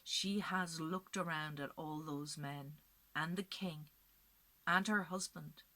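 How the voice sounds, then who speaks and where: A woman's voice: deep voice, takes it slowly, bright, forceful tone. A woman storyteller narrating a legend expressively, building to dramatic peaks and dropping to whispers.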